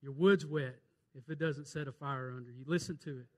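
A pastor preaching a sermon with fervent energy, quoting scripture and telling jokes, his delivery swinging from loud urgent calls to hushed pleas. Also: mid-range voice, steady tone, a little fast. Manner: tells jokes and quotes scripture.

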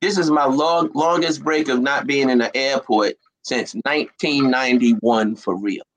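A man's voice: mid-range voice, measured pace, low-quality recording. A man, a comedian guest, telling stories in casual chat with street slang. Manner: animated storyteller, street slang.

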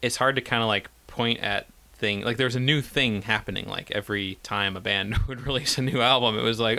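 A man's voice: lowish voice, fairly even intonation, normal speed, creaky, bright, forceful tone. A man co-hosting a podcast in laid-back, casual chat. He talks hesitantly and laughs often. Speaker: podcast co-host.

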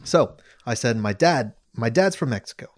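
A man's voice: lively intonation, moderate pace, no echo, clean studio sound, close to an everyday voice. A man putting on a fake British accent while telling a story on a podcast in a joking, hammy way. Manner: joking, hammy, lower and quieter.

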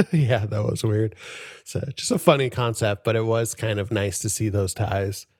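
Dude on a podcast, chatty, laughs a lot, lowish voice, dry mic. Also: male voice, measured pace, darkish tone, dry recording. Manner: enthusiastic, laughs often, many fillers. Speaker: podcast co-host. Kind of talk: casual chat.

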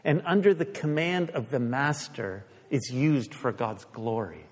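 A man preaching a sermon as pastor, emphatic, putting questions to the congregation and dropping his voice low to stress a point. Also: expressive, measured pace, in a large hall.

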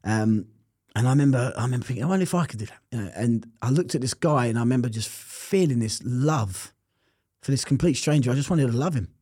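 A man's voice: medium pitch, fairly quick, warm tone, breathy edge, dry recording, studio quality. A man telling his personal testimony in an interview, earnest and reflective. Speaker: interview guest.

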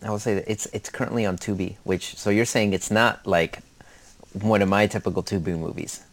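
A woman's voice: a bass voice, fairly even intonation, fairly quick. A woman co-hosting a podcast in casual chat, teasing and playfully disbelieving.

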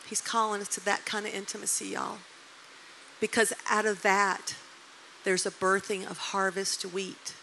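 A woman in her sixties preaching, telling a personal story in an animated, emphatic way with faint background noise. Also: medium pitch, measured pace, gravelly, rough recording. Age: 60s. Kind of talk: sermon storytelling.

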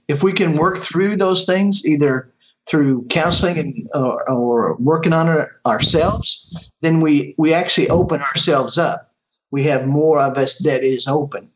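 A man with a slightly high voice speaks as a medium being interviewed, earnest and halting, often restarting his sentences. The audio sounds dull and lo-fi. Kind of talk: casual conversational interview.

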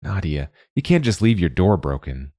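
A man voicing a steady, patient carpenter who speaks calmly and earnestly. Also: deep voice, moderate pace, dry recording, studio quality.

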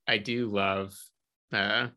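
A man with a bright, forceful tone talks casually with friends about a movie. He is chatty and quick to laugh, and he retells scenes as he goes. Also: on the low side, fairly even intonation.

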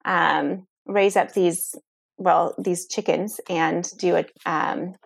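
A woman guest in a conversation, telling a personal story in an animated way, full of restarts and "like". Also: on the low side, slow pace, gravelly, husky, dry recording, clean studio sound. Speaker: interview guest.

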